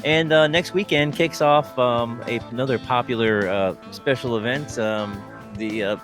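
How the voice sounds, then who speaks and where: A man co-hosting a radio hobby podcast, reading event news in a halting way with many ums and uhs. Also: medium pitch, a bit bright, soft background music. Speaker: co-host. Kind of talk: casual ham radio chat.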